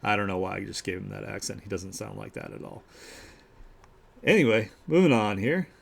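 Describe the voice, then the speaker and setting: A man's voice: lowish voice, animated, a little fast, vocal fry, slight background noise. A man hosting a live art share stream, chatting casually and upbeat, full of fillers and restarts as he gushes over each piece of artwork.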